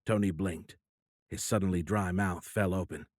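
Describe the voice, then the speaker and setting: A man narrates a novel in a steady, measured delivery. His voice sits low and even. The recording is close and dry, with no room sound. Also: no room sound. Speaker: audiobook narrator. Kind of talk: scripted narration.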